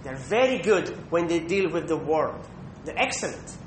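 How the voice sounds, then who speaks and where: A man preaching a sermon, emphatic, pausing to check in with listeners with a questioning "hmm". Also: very animated. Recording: echoey room with faint rumble.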